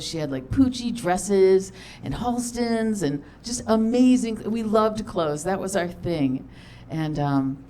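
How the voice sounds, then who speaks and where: A woman's voice: mid-range voice, mellow, a little hiss or hum. A middle-aged woman doing stand-up, telling a long personal story in a chatty, self-deprecating way, full of fillers and acted-out dialogue. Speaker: stand-up comedian. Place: comedy festival stage.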